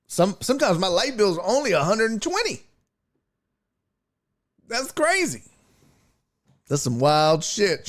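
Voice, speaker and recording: A man hosting a live sports talk stream, ranting angrily and cursing, swinging between near-shouts and low mutters. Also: sing-song, slow, pauses often.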